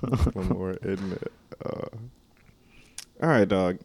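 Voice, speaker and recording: A man co-hosting a podcast in casual chat, relaxed and opinionated. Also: sits low, slow pace, breathy edge, no echo, studio quality. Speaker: podcast co-host.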